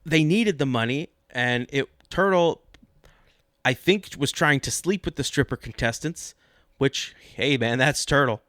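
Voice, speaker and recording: A man co-hosting a comedic sports podcast, joking in a deadpan, mock-serious way. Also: medium pitch, unhurried, no echo, clean studio sound. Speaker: podcast co-host.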